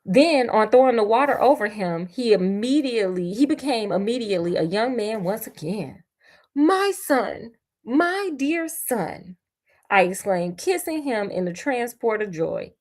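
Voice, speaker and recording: A woman's voice: mid-range voice, lively intonation, moderate pace, few pauses, darkish tone. A woman storyteller reading a fairy tale aloud and breaking off for sassy, slangy, playful asides. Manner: sassy, slangy, playful commentary between passages.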